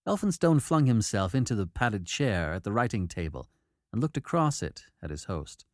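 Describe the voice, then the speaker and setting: Expressive male audiobook narrator. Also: fairly low pitch, normal speed, dry recording, studio quality. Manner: expressive storytelling, doing character voices. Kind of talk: audiobook narration of a period novel.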